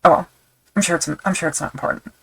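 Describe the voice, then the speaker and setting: A woman with a low voice talks loosely as she works on a leather project during a live stream. She thinks aloud, wanders off on tangents and makes light fun of herself. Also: fairly even intonation, fast talker, husky, poor audio. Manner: rambling, self-deprecating, thinks aloud with fillers. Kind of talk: casual chat while crafting on a live stream.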